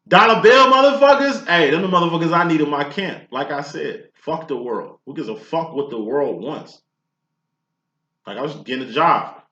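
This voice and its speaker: A man's voice: fairly high pitch, sharp tone. A man giving a casual tarot reading, talking in a blunt, profane, preachy way. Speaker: tarot reader. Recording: echoey room, dull lo-fi sound.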